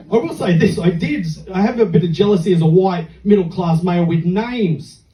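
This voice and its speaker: A middle-aged Australian man works through a stand-up set with dry, self-mocking storytelling. His voice sits high but sounds mellow. It is picked up from far off in an echoey comedy club. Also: normal speed.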